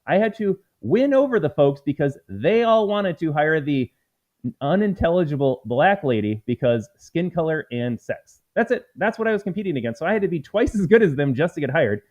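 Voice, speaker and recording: At normal speed and with big pitch swings, a man with a slightly high, slightly mellow voice hosts a live political commentary stream. The American talks emphatically and combatively, calling his viewers folks. His audio is slightly dull lo-fi stream sound.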